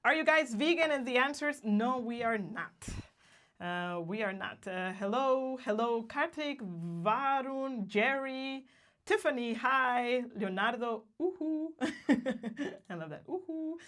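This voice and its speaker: A woman's voice: on the high side, measured pace, a bit bright. A woman from Guatemala co-hosting a casual livestream, cheerful and laughing often as she greets viewers by name. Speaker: livestream co-host.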